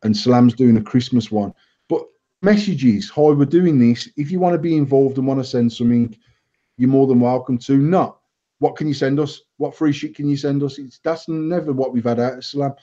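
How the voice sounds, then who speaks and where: Over dull, lo-fi live stream sound, this banter-show host speaks at medium pitch and a normal speed. He's a man who also owns a vape company, and his storytelling is sweary, blunt and lively.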